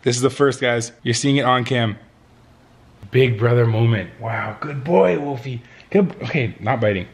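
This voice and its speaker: A man's voice: medium pitch, normal speed. A young man chatting in a casual vlog, hyped and slangy, swearing now and then. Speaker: vlogger.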